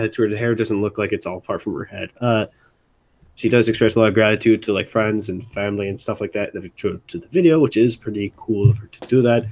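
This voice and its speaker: A young man from Baltimore chatting casually on a live stream, rambling and restarting his sentences. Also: lowish voice. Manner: rambling, halting, many restarts. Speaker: music segment host.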